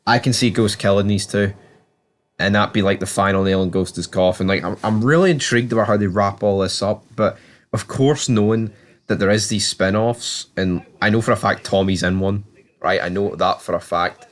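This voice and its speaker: Man, lowish voice, casual show recap, chatty, swears a lot, quotes characters in passing. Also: fairly even intonation, moderate pace. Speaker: TV show reviewer.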